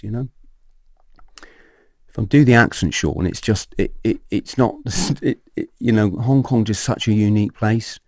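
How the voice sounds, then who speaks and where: A man, a podcast guest telling his personal story in an animated way, swearing and acting out scenes. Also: lowish voice, moderate pace, vocal fry, dry recording, clean studio sound.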